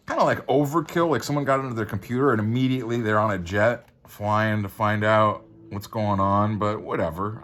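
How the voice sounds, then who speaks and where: A man's voice: lowish voice, fairly bright tone. A man casually reviewing a comic book, rambling and laid-back with lots of fillers.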